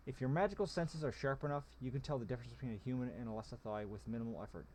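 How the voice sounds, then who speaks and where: A man's voice: mid-range voice, racing, darkish tone, a little hiss or hum, close to an everyday voice. A man voicing a guarded woman mage who explains things in a dry, matter-of-fact way.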